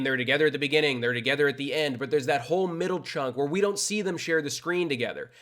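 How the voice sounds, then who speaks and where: A young man giving a casual video review of a movie, candid and animated, with playful jabs at the viewer. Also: fairly high pitch.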